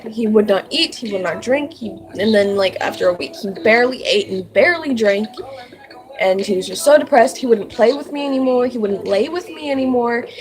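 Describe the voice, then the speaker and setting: A woman's voice: mid-range voice, poor audio. A young woman telling a personal story about her pets in a casual, rambling way, full of "like" and "um", earnest and heartfelt. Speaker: vlogger.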